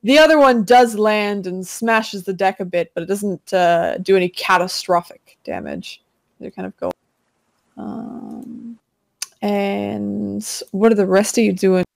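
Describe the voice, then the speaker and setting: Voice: mid-range voice, animated, a little slow, gravelly, no echo. A game master casually narrating a tabletop pirate battle for players. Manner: casual, describing action with fillers.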